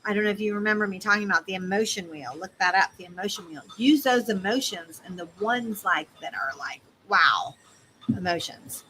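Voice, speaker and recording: Bright-voiced woman coaching. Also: medium pitch, fairly quick, slight background noise, rough recording. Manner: animated, conversational, speaks directly to the listener. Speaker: business coach. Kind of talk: casual teaching talk.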